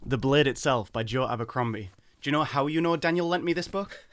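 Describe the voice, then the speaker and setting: A man with a bright, forward voice chats through a reaction video. He talks loosely and casually, leaning on filler words and the odd curse, and sits at a middling pitch. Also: fairly quick. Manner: relaxed, swears casually, many filler likes.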